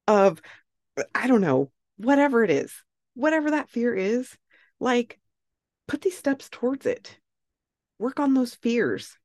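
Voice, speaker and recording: A woman's voice: on the high side, very animated, a little slow, a little mellow, no echo, studio quality. A woman hosting a podcast, talking casually and emphatically, often repeating herself and checking in with "okay". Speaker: podcast host. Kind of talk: casual motivational monologue.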